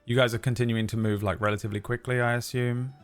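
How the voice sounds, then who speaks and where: A man running a tabletop game as game master, describing scenes in an unhurried way with many fillers. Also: mid-range voice, little pitch movement, smooth, soft background music.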